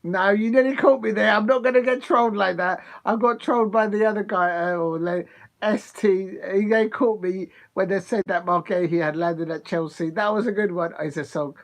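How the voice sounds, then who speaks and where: A man's voice: sits high, normal speed. Chatty man streaming football. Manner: chatty, excitable, thanks viewers, laughs often. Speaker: football watch-along streamer. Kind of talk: live casual chat with viewers.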